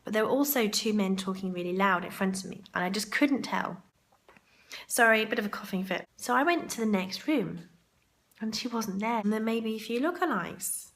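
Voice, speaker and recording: A woman's voice: mid-range voice, animated, moderate pace, a bit bright. A woman vlogging to camera in a chatty, rambling way, her throat sore and groggy. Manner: chatty and rambling, with asides to herself. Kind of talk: chatty vlog monologue. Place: hotel ladies' room for part of it.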